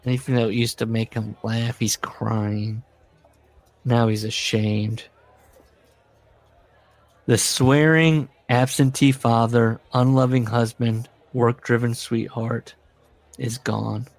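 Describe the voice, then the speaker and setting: A man's voice: mid-range voice, fairly even intonation, takes it slowly, pauses often. A man co-hosting a podcast, casually reading book passages aloud with sarcastic commentary. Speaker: podcast co-host.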